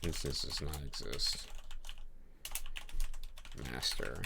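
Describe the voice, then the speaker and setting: Very deep gravelly-voiced man. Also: slow, noisy background. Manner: thinks aloud, rambling jokes, chats with viewers. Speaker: game developer streaming. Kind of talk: casual live-stream talk while coding.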